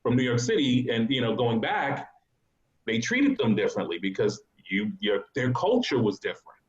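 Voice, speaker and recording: A man's voice: mid-range voice, big pitch swings, normal speed, lo-fi sound. A man on a discussion panel, telling family stories in a loose way, with many restarts and laughs. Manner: storytelling, frequent restarts and laughs. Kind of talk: casual discussion.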